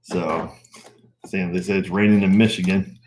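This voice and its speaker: A middle-aged man hosting a casual live stream for his auto repair channel, chatting in a relaxed, rambling way with plenty of fillers. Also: sits low, moderate pace, slight background noise.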